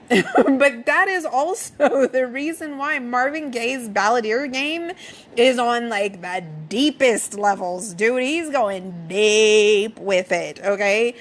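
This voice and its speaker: A woman's voice: a little high, animated, slow. A woman hosting a podcast, casually retelling a movie plot in a chatty way and swearing freely. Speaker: podcast host.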